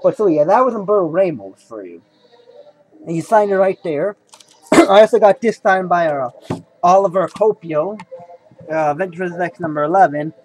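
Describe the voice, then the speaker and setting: A man's voice: high-pitched, lively intonation, normal speed, pauses often, a little mellow, husky, poor audio. A young man in casual video chat, rambling about signed comics, repeating himself and saying "folks" and "you know" a lot. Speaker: comic collector vlogger. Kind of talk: casual haul video talk.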